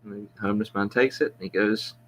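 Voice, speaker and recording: Talking fast with a lowish, fairly bright, mostly even voice, the podcast host spins a rambling joke for his friends over a rough recording. He restarts often and makes himself the butt of the humor.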